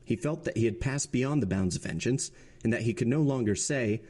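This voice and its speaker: A man hosting a podcast, reading a classic novel aloud in a steady, expressive narration. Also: mid-range voice, brisk, husky. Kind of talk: audiobook-style narration.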